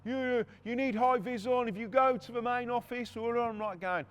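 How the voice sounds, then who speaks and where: A middle-aged man, hosting a podcast and telling a story in a casual, profane, animated way, acting out shouting people and machine noises. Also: extremely high pitch, moderate pace. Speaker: podcast host.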